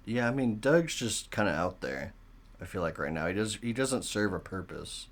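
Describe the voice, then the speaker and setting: A man's voice: fairly low pitch, sing-song, moderate pace. A man co-hosting a casual sports chat, laid-back and dropping short wry remarks. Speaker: co-host.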